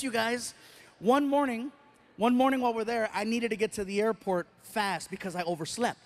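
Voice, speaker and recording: Comedian guy on stage, high voice, acts stuff out with sound effects, little bit of hiss. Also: steady tone, normal speed. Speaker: stand-up comedian. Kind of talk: stand-up comedy routine.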